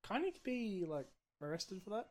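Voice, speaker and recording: A man's voice: sits high, sing-song, moderate pace, a little mellow. A young Australian man co-hosting a podcast, talking casually with lots of hesitation and trailing off. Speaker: podcast co-host. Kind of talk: casual chat.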